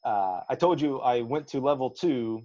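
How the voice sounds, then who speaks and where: A man's voice: mid-range voice, normal speed. Folksy man from Alabama telling coaching stories. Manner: animated, folksy, acts out quotes. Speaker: track and field coach, guest. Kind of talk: storytelling in a podcast interview. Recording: slightly dull lo-fi audio.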